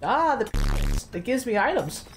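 A man's voice: extremely high pitch, sing-song, normal speed, music in the background. A man in his twenties chatting casually while gaming, joking and laughing often. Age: 20s. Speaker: gamer in a voice chat.

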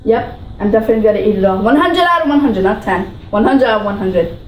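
A woman's voice: mid-range voice, expressive, quick pace, roomy sound, slight background noise, poor audio. A female vlogger talking in a bubbly, gushing way while she taste-tests food, repeating her praise. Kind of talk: food challenge vlog.

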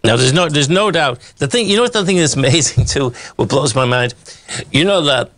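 A man's voice: on the high side, lively intonation, brisk, a bit bright. A man hosting live stock market commentary over charts, talking in a rambling, emphatic, folksy way, full of "okay" and "bottom line". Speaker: market analyst host.

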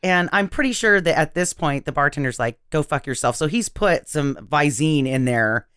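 A woman's voice: low voice, expressive, moderate pace, fairly bright tone, smooth, no echo, clean studio sound. Giggly, rambling woman co-host. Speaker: podcast co-host. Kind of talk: casual movie-riffing chat.

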